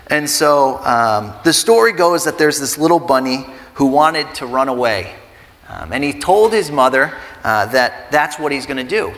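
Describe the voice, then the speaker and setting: A man's voice: medium pitch, a bit bright. A man in his thirties preaching a sermon as a pastor, talking conversationally and building to earnest emphasis. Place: church sanctuary. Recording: reverberant hall with faint music.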